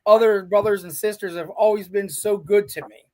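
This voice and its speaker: A veteran indie pro wrestler, middle-aged and with a notably high speaking voice, shares career stories as a guest in a casual interview. He talks briskly and animatedly, voicing each person he quotes and sprinkling in "I'm like" and "he goes."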